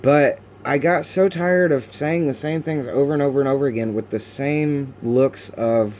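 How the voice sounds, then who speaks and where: A man talks into his camera at home in a confessional diary, his voice mellow and dark rather than bright. He speaks haltingly, restarting his sentences often, with frustration that breaks out now and then in cursing. A faint hum sits behind him. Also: mid-range voice. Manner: halting and raw, with frequent restarts and fillers. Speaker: video diarist.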